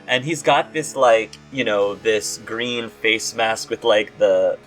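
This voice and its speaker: A man's voice: lowish voice, takes it slowly, a bit bright, soft background music. Rambling male game master. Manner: casual, rambling, many fillers. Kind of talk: narrating a tabletop game.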